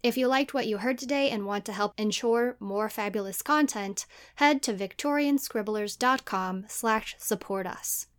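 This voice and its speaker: A woman's voice: a little high, normal speed, hardly any pauses, clear, resonant tone. A woman hosting and producing a podcast, talking in a loose, conversational way with filler words. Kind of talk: casual chat.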